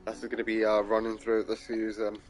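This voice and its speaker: A man's voice: fairly low pitch, completely flat delivery, quick pace. A Scottish man giving casual let's play commentary, muttering and swearing as he plays. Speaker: gaming streamer.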